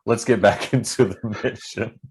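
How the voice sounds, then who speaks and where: A man's voice: fairly low pitch, fairly even intonation, moderate pace, darkish tone, husky. A man co-hosting a podcast in casual recap chat, playful and laughing often. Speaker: podcast co-host.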